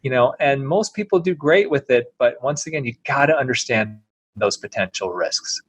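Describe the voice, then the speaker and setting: A middle-aged man, a plastic surgeon interviewed as a guest, telling a story in an earnest, animated way. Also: medium pitch, moderate pace, husky, no room sound.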